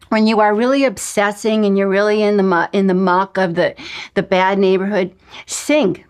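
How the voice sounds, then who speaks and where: A woman leads a spiritual lesson with an emphatic, coaching delivery. Her voice sits at an ordinary middle pitch for a woman. Now and then she slips into breathy whispered asides. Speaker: spiritual teacher. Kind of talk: recorded lesson.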